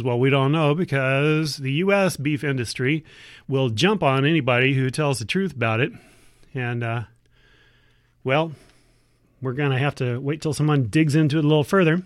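A woman's voice: rumbling low, normal speed, no echo. A woman hosting a radio opinion program, reading a news article aloud and breaking in with wry, editorializing comments. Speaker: radio host.

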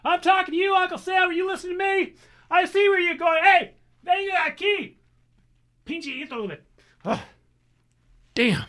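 A woman playing an exasperated family member who scolds her warmongering uncle in a sarcastic, nagging, teasing radio sketch. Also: very high voice, normal speed, pauses often, voice pushed up. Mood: scolding. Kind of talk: satirical radio monologue.

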